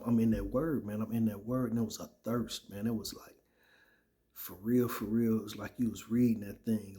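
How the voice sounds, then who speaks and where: Man with a dark, mellow voice. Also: mid-range voice. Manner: conversational, repeats "right?" and "man". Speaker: former soldier sharing his testimony. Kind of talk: casual spoken testimony.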